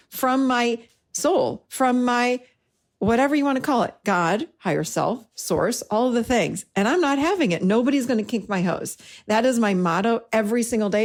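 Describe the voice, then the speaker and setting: A middle-aged woman hosting a talk, telling a personal story in an animated way and acting out the dialogue. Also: medium pitch. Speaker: host and therapist-style teacher.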